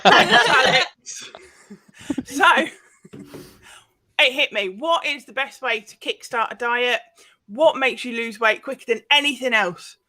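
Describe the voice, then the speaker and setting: A woman performs stand-up on a stage mic, her voice bright and a touch high. She tells self-deprecating stories and drives each one to a punchline, with audience laughter behind her. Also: expressive, slow, long pauses. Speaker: stand-up comedian. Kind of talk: stand-up comedy set.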